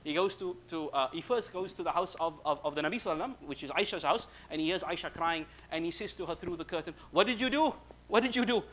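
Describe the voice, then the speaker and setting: A man's voice: fairly high pitch, very fast, hardly any pauses. A man giving a Ramadan lecture in a mosque, retelling stories and acting out the quoted speakers. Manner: lively storyteller acting out quoted speech.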